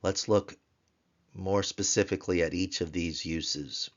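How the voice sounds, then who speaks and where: A man teaching Biblical Hebrew grammar in a recorded lesson, explaining slowly and chanting word forms in a sing-song voice. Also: low-pitched, fairly even intonation, muffled recording. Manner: slow, deliberate explanations.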